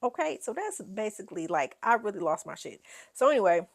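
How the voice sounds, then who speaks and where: A woman hosting a casual reality TV recap, sassy and animated, laughing often as she dishes gossip. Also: medium pitch, a little fast.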